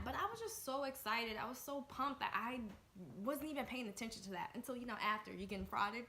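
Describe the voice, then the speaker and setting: A young woman from the Washington, D.C. area telling a storytime vlog, excitable and chatty, with lots of fillers. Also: fairly high pitch, fast. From Washington, D.C. area, USA. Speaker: vlogger. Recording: echoey room with faint noise.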